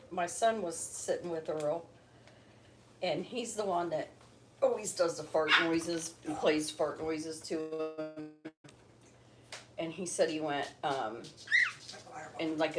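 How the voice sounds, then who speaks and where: A middle-aged woman hosting a casual livestream at home, chatting and sweetly coaxing her pet bird, recorded on a phone on a tripod. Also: sits low. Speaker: bird channel host. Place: home, indoors. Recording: roomy, distant phone mic, loud noise.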